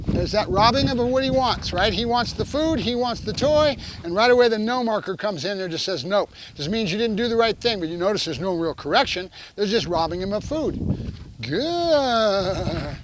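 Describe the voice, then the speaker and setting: A man's voice: high voice, background noise. A man who trains dogs, explaining each step to the camera while working a puppy. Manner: coaching, talks to camera between cues to the dog. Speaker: dog trainer.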